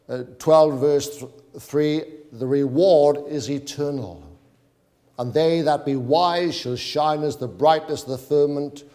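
Reading King James scripture and pleading with the faithful, this male preacher exhorts his congregation in a slightly high voice with a dark tone. A long hall reverb surrounds the sermon.

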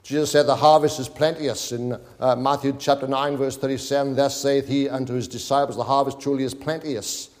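A man's voice: medium pitch, fairly even intonation, fairly quick, few pauses, a little mellow. Man preaching in a reverberant hall. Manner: reads scripture in King James wording, exhorting and pleading. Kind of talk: sermon.

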